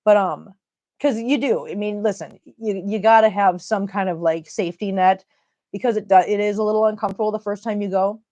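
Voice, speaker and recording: A woman's voice: medium pitch, brisk, dark tone. A middle-aged woman with an Upper Midwest American accent, chatting casually on a live stream, laughing often and reading viewer comments aloud.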